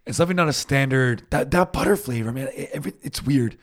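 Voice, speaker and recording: A man's voice: medium pitch, fast. A man co-hosting a podcast in casual chat, rambling and laughing often. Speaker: podcast co-host.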